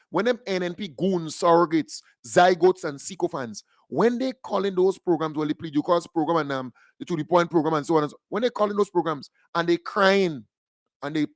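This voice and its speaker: A man's voice: sits high, no echo, clean studio sound. A man with a Grenadian accent delivering political radio commentary as a fiery, mocking and combative rant.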